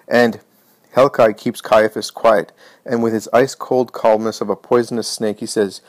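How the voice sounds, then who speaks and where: Measured male narrator of a religious text. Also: on the low side, level tone, no echo. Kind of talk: dramatized reading of a religious text.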